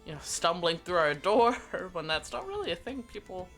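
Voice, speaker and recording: Bright-voiced woman running a tabletop game. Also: fairly low pitch, sing-song, moderate pace, faint music behind. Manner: casual, hesitant with many fillers. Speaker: game master.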